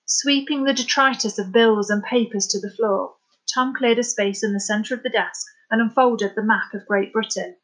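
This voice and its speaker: A woman narrating a novel as an audiobook in a steady, dramatic storytelling manner. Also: fairly high pitch, moderate pace, low-quality recording.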